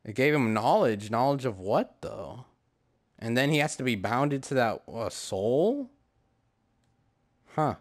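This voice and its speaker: A man's voice: mid-range voice, animated, takes it slowly, pauses often. A man giving casual let's play commentary, reacting with confusion, laughs and swearing. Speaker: gamer. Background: game music.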